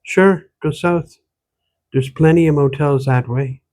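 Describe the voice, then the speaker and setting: A man's voice: on the high side, fairly even intonation, unhurried, darkish tone, natural voice. A man voicing a small, irritable old rural woman who scolds a young stranger in a lilting country way of speaking. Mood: irritable, scolding.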